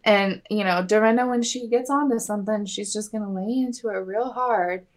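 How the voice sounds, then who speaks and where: A woman's voice: medium pitch, normal speed. A woman co-hosting a podcast, recapping a reality show in chatty, casual talk full of "like". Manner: chatty, lots of "like", acts out quotes. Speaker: podcast co-host.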